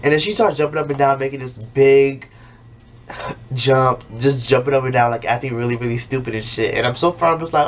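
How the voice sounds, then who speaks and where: A man's voice: medium pitch, fairly even intonation, a little fast. A man in the middle of his range talks through an episode in a loose, profane way, like a YouTuber chatting straight to his viewers. He keeps jumping into exaggerated voices to mimic the characters, and a faint hum of room ambience sits behind him. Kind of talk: casual, profane recap monologue.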